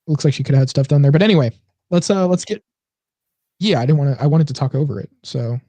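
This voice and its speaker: A man's voice: fairly high pitch, animated, fast, warm tone, dry recording. A man co-hosting a casual comedy podcast, rambling with lots of fillers and restarts. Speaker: podcast co-host.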